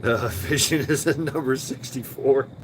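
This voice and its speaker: A man's voice: medium pitch, unhurried, background noise. A man hosting a casual live stream outdoors, rambling and crude with many fillers, his voice getting strained. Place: outdoors, smoking a cigarette.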